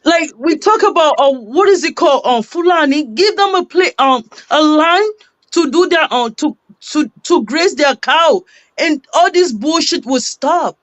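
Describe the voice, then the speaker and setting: Casting: exasperated Yoruba Nigerian woman caller, high voice, dull phone-line audio. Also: animated, a little slow, a bit bright, no echo. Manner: fed-up, repetitive, profane. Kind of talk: exasperated call-in rant.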